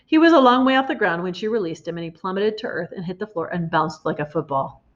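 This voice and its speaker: A woman reading a children's storybook aloud in an expressive way, in a slightly muffled recording. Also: on the low side, fast talker. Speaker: reader.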